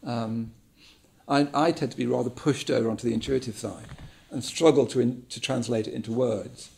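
A man gives a reflective talk, thinking aloud and circling back over his words. His voice is gravelly with a bit of fry, and it sits in a middling pitch. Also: steady tone, normal speed, darkish tone. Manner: musing, repeats words, many ums. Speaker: speaker giving a talk.

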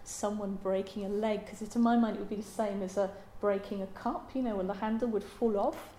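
A woman giving a Buddhist dharma talk in a halting, thoughtful way, with many pauses and ums. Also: medium pitch, steady tone, warm tone, a little hiss or hum. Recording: roomy echo.

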